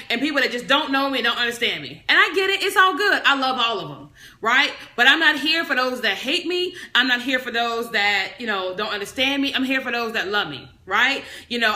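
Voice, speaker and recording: A woman hosting a live stream, teaching and motivating in a bold, loud, animated and talkative way. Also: on the high side, echoey room. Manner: preachy motivational, talks on and on. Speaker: business coach livestream host.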